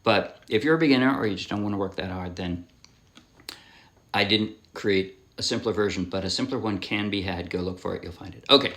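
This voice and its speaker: A man's voice: lowish voice, fairly quick, a bit bright. A man giving a casual ukulele lesson, talking in a loose, rambling way, often restarting his sentences and apologizing as he explains. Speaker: ukulele instructor. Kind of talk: casual music tutorial. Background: ukulele playing.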